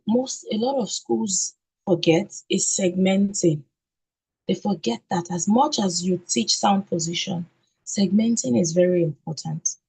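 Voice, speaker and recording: Female trainer, husky and low, video-call teaching voice, drills key words with rhetorical questions. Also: a little mellow, low-quality recording. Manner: repeats key words, asks and answers own questions; sounds out letters slowly. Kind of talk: online training session.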